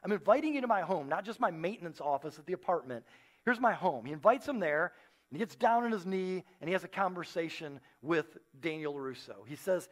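A man in his forties preaching a sermon as a pastor, telling a story with playful, animated acted-out quotes. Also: high-pitched, fairly quick. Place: church stage.

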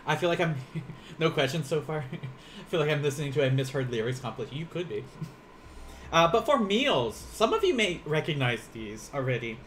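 A man's voice: fairly high pitch, very animated, moderate pace, a bit bright, a little hiss or hum. A man in his thirties giving a casual live Japanese lesson, rambling and laughing often while he eats. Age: 30s. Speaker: Japanese teacher.

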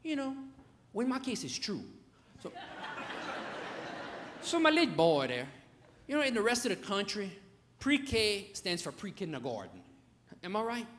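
A man's voice: high voice, sing-song, measured pace, long pauses, a bit bright, a little hiss or hum. A middle-aged man with a Louisiana Cajun accent, telling folksy stand-up stories about his kids in a drawling, dialect-rich way. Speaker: stand-up comedian. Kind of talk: stand-up storytelling. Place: comedy stage before a live audience.

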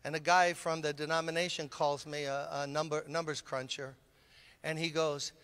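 Older Brooklyn-born pastor preaching in a hall. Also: male voice, on the high side, moderate pace, smooth. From Brooklyn, New York. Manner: animated, acts out both sides of conversations. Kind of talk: sermon storytelling. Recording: long hall reverb.

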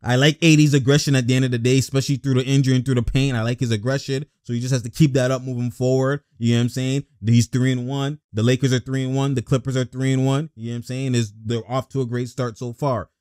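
A young man giving casual, excitable basketball reaction commentary, blunt and slangy, laughing often. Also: mid-range voice, fast talker, hardly any pauses, dry recording, studio quality.

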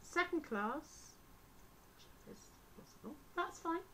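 Woman vlogger, slow-paced, sarcastic and exasperated, casual home-video feel. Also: high voice, lively intonation, pushed and bright, a little hiss or hum, low-quality recording. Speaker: teacher. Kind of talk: casual ranting vlog.

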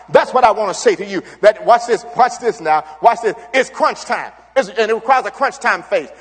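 A middle-aged pastor delivers a fervent sermon, circling back to the same catchphrases again and again. His voice sits high and a little husky. It rings with the long reverb of a church hall. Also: lively intonation, moderate pace, few pauses. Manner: fervent, repeats catchphrases and interjections. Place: church sanctuary.

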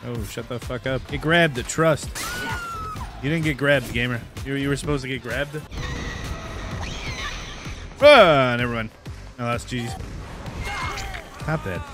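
A man streaming a horror game, reacting with loud, profane outbursts as he plays. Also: mid-range voice, measured pace, long pauses. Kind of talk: live gameplay commentary. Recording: game music underneath.

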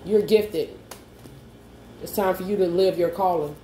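A woman with a mellow, warm voice gives a coaxing, reassuring tarot reading. She keeps checking in with the listener. The room has a roomy echo and a faint hum behind her. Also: fairly low pitch, unhurried. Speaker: tarot card reader. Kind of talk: spoken tarot reading to camera.

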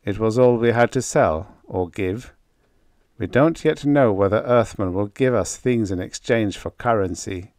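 A man voicing a clipped, deliberate Martian engineer. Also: fairly low pitch, darkish tone, no echo, clean studio sound. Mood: measured.

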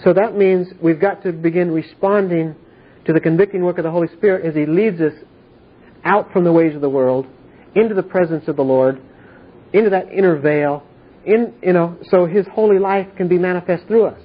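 Over thin, phone-quality audio, a male Bible teacher with a high, slightly breathy voice speaks at a moderate pace. He runs a casual study group, going over points again and again with sincerity and regularly checking that everyone follows.

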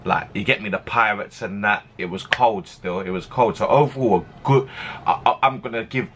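A young man giving slangy, animated commentary as a reaction video host. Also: medium pitch, fairly quick, slight background noise. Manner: animated, slangy, laughs easily.

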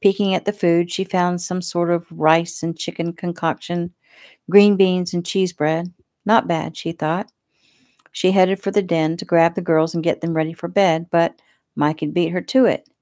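A woman author reading her own novel aloud in a relaxed, homey way. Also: on the low side, normal speed, no room sound, studio quality. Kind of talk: casual audiobook narration.

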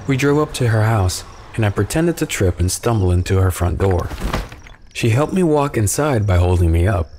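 A man calmly narrating a first-person horror story from a script. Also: fairly low pitch, moderate pace, a little hiss or hum.

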